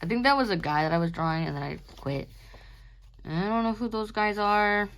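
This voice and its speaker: A woman's voice: medium pitch, expressive, brisk, a bit bright. Sleepy young woman, rambling chat. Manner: rambling, giggly, self-mocking. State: sleepy, yawning. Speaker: artist showing her sketchbook. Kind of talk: casual chat.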